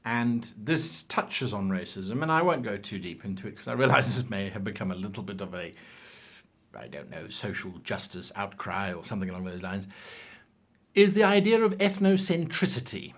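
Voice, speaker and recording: Animated man giving game-master advice. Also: on the low side, breathy edge. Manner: animated, opinionated, acts out examples. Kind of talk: casual advice talk.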